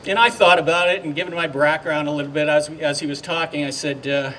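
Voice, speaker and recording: An older man giving a ceremonial speech outdoors, halting and heartfelt, with many fillers and restarts. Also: a little high, steady tone, fairly bright tone, slight background noise. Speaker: speaker at a memorial dedication. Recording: distant mic, faint outdoor ambience.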